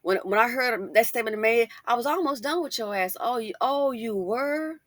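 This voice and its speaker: A middle-aged woman hosting a casual commentary monologue, chatty and animated, full of asides and emphatic rhetorical questions. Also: a little high, normal speed, no echo, studio quality. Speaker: commentary channel host.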